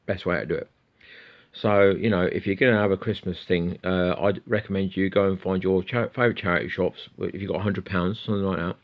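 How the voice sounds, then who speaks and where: A man's voice: low-pitched, muffled recording. A middle-aged man chatting casually to camera as a guitar YouTuber, rambling and swearing freely.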